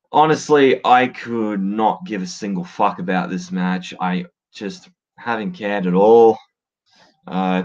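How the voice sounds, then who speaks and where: A low-voiced wrestling podcaster rants casually in solo commentary, blunt and swearing freely with lots of fillers. The recording has a dull, lo-fi sound.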